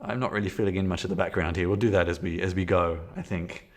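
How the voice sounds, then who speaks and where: Streaming a solo tabletop game from a desktop setup with a camera, a man with a fairly low voice chats casually and thinks out loud. His speech is fast and fairly even in intonation, rambling with plenty of fillers and restarts.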